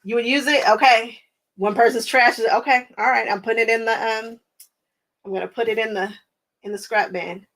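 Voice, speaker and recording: A woman's voice: fairly high pitch, steady tone, a little fast, a bit bright. An American woman hosting a quilting livestream, chatting casually with viewers, laughing often and thinking aloud with lots of fillers.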